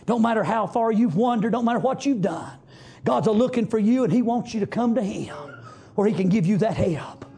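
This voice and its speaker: A man preaching a fervent sermon, rising to shouts and punctuating with amens. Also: sits high, brisk, vocal fry, breathy edge.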